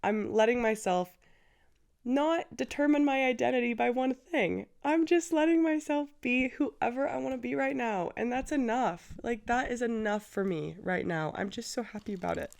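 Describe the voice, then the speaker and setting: A woman's voice: a little high, normal speed, creaky, a little mellow. A woman in her twenties hosting a casual solo podcast, chatty and effusive, laughing often. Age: 20s. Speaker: podcast host.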